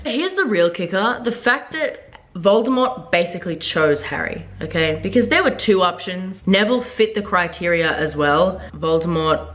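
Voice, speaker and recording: A young woman reacting to a book she is reading, animated and exasperated, swearing freely as she talks. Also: medium pitch. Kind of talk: casual reading-reaction vlog. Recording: roomy echoey room.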